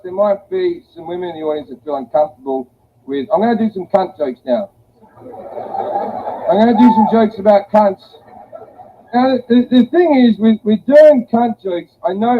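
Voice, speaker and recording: High-voiced man doing crude stand-up. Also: lively intonation, normal speed. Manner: crude, profane, blunt. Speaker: stand-up comedian. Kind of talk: stand-up comedy set. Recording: tinny phone-like audio with faint hiss.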